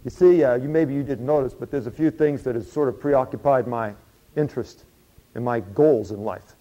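A man's voice: medium pitch, moderate pace, mellow, close to an everyday voice. An actor playing a former tax collector turned disciple, telling his story in a folksy, confiding monologue with dry humor. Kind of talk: dramatic first-person monologue. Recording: dull lo-fi recording.

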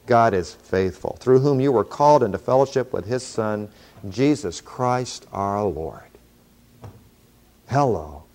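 A middle-aged man giving a lively sermon with humorous, sarcastic asides. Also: mid-range voice. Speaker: preacher.

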